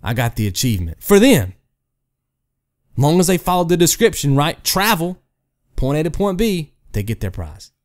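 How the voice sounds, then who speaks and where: A man's voice: on the high side, normal speed. A man hosting a gaming channel, ranting to camera in a casual way, telling hypothetical stories and often asking "right?". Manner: animated, rhetorical, keeps asking "right?"; storytelling with hypotheticals. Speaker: gaming video host.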